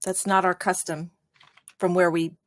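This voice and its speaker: A woman playing her character in a tabletop role-playing game, earnest and pleading. Her voice sits fairly low and she speaks slowly. Keyboard typing can be heard faintly behind a close, dry sound. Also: little pitch movement, dry recording. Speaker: player.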